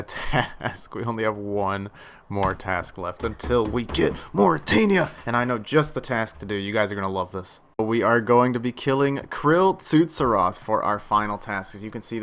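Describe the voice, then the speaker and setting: A young man casually commenting on his own gameplay, chatty, dropping into low mutters and then bursting out excitedly. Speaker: gaming channel host.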